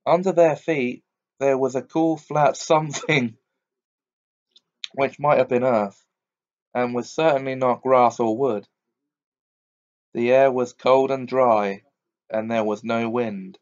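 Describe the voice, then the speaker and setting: Slow, measured male audiobook reader. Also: medium pitch, steady tone. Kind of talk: audiobook narration. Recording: dull lo-fi recording.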